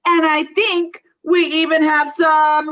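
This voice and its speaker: A woman's voice: high-pitched, little pitch movement, takes it slowly, a bit bright. A woman hosting an online school assembly for students, cheerful and playful, teasing her co-host. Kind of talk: upbeat school assembly talk. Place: video call for an online assembly.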